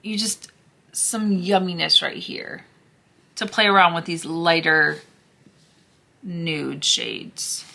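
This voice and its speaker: A woman vlogger chatting casually through a makeup declutter, gushing and sometimes dropping to a hushed near-whisper, her voice hoarse as she loses it. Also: on the low side, takes it slowly, pauses often. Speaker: beauty vlogger.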